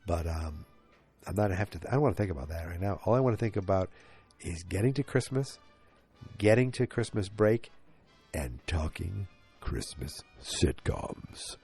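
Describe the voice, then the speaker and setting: A man's voice: lowish voice, a little fast, mellow, breathy edge, faint music behind. A man hosting a casual solo podcast from his couch at home, talking into a handheld recorder with a congested, nasal voice and thinking aloud as he chats. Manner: chatty, thinking aloud, easily sidetracked. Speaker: podcast host. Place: living room couch at home.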